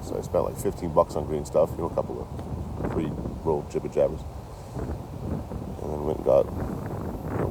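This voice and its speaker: A man's voice: extremely low pitch, noisy background. A young man telling a rambling story outdoors near his camp, swearing and laughing often. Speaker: vlogger. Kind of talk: casual storytelling.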